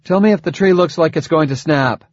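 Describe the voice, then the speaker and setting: A man voicing a calm, determined female army lieutenant in an audiobook, with a raised, steady and clipped delivery. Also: fairly high pitch, a little fast, no echo, pitched above the performer's own voice, natural voice. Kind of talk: audiobook character voice. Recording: dull dry lo-fi recording.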